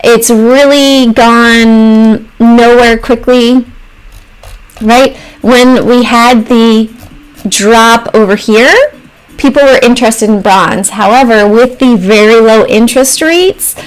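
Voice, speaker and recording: A woman with a fairly high voice hosts a casual stock trading livestream. She walks through charts, thinking aloud with pauses and trailing phrases. Now and then she breaks off to answer messages from viewers in the chat. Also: fairly even intonation, clean tone, rough recording.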